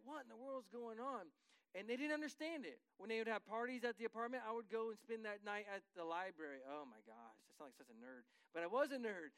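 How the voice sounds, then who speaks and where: A middle-aged man, a pastor, preaching a sermon in a conversational, self-deprecating way, swinging between loud and quiet as he tells personal stories. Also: extremely high pitch, smooth, no echo, poor audio.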